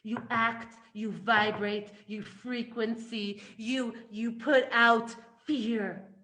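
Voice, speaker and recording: A woman giving an animated spiritual lesson, emphatic and full of restarts, swinging between loud and hushed. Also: a little high, drawn-out words. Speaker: Torah teacher.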